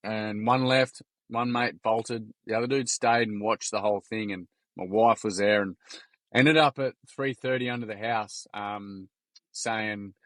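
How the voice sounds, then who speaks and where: A man's voice: fairly low pitch, steady tone, measured pace, no echo. Blunt Australian man telling stories. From Gold Coast, Queensland, Australia. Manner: blunt, swears freely, heavy on mate and like. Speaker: podcast guest. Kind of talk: candid conversational storytelling.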